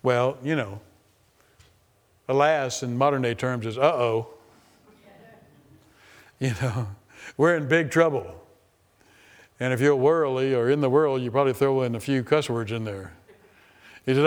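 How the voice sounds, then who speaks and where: A man's voice: medium pitch, a little slow, long pauses. A man preaching a sermon, reading scripture and acting out the quoted voices with lots of repetition. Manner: animated, repeats phrases, acts out quoted voices.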